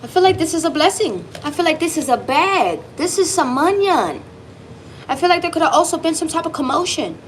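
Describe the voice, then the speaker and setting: Lively, emphatic woman doing a tarot reading. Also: very high voice, a little fast, a little hiss or hum, rough recording. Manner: lively, emphatic, swearing, speaks directly to the viewer. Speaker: tarot reader.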